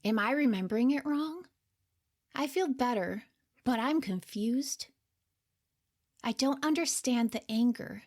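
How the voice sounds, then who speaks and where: Slow, soft-spoken woman telling her story. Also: fairly high pitch, lively intonation. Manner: slow, quiet, unsure and earnest. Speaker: podcast storyteller. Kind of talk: first-person reflective story narration.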